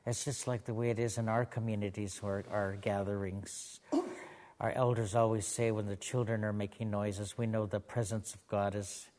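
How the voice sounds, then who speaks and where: A man from the Pacific Northwest telling stories and spiritual teachings to a gathering in a gentle, humorous way. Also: fairly low pitch, little pitch movement, moderate pace, big-room sound, slight background noise. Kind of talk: live storytelling to a gathering.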